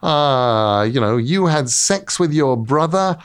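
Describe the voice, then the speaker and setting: A man's voice: medium pitch, expressive, slow pace, smooth. A man voicing a sly, mischievous male trickster god who talks his way out of trouble. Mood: indignant.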